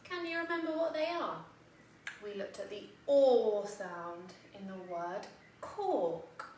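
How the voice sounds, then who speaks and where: An English woman, an infant school teacher, giving a phonics lesson to young children in a slow, sing-song, encouraging way and sounding words out. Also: medium pitch. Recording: echoey room, voice from a distance, faint background noise.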